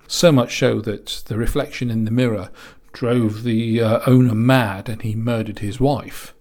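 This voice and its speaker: A man's voice: medium pitch, lively intonation, moderate pace, a little mellow. A man reviewing an old horror film in a rambling, chatty way with asides.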